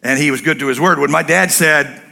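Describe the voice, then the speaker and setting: A male preacher with a high, bright voice and a gravelly edge, delivering a sermon to a church. He is blunt and teasing, with an animated storytelling style. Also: a little fast. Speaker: pastor.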